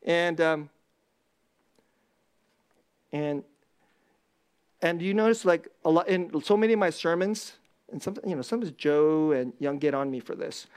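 A man preaching a sermon as pastor, intense and laughing often, dropping into low asides and rising to loud bursts. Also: unhurried, long pauses, clean tone.

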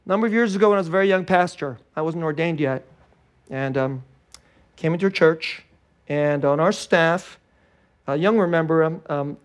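A male pastor preaching a sermon in an animated way, acting out little scenes and laughing often. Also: fairly high pitch. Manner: animated, acts out scared and joyful voices, laughs often.

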